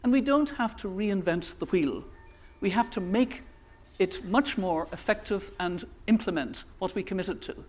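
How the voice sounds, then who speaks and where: Older Irish woman, conference keynote speaker, earnest and measured delivery. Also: mid-range voice, animated, a little mellow, breathy edge. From Ireland. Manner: measured, earnest, with small restarts.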